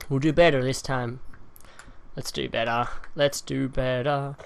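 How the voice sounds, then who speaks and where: A young man with a loud, heckling manner, commentating live gameplay into a desk mic at home and swearing at opponents. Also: medium pitch, fairly even intonation, measured pace, creaky, a little hiss or hum. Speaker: gaming commentator. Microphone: desk mic with pop filter.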